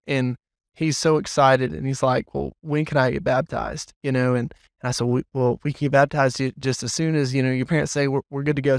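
Animated storytelling pastor, dry close sound. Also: male voice, mid-range voice, dry recording. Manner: animated storyteller, lots of fillers. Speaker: children's pastor. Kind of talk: casual podcast chat.

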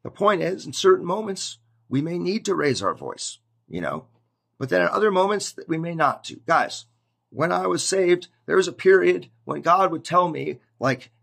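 A man giving a casual, conversational sermon to his viewers, animated and prone to acting out scenes. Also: high voice, moderate pace, gravelly, slightly rough. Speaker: preacher.

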